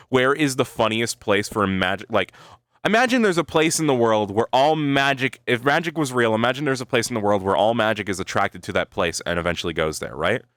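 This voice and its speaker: A male streamer talks to his viewers in a smooth, fairly bright voice on the low side, recorded in echo-free studio quality. He rambles, thinks aloud, swears freely, and punctuates his remarks with "right?"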